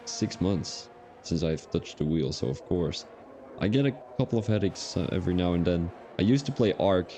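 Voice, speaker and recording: A man with a low, mellow voice calls a sim racing qualifying session in casual live-stream style. He chats loosely and wanders off into personal asides between updates on lap times. A faint hiss sits behind him. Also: lively intonation, normal speed. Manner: chatty, drifts into rambling personal asides. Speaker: sim racing league commentator.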